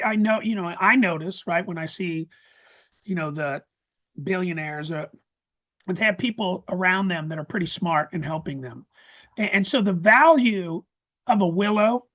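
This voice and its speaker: A man presenting a live webinar, talking excitedly with many restarts and stammers over a video call. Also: sits high, moderate pace, lo-fi sound. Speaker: course presenter. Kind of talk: casual live webinar talk.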